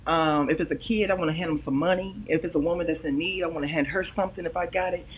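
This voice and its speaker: A woman's voice: low-pitched, fairly even intonation, quick pace. A woman guest chatting casually on a live stream, slangy and laughing often, heard over a video call. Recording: tinny remote call audio.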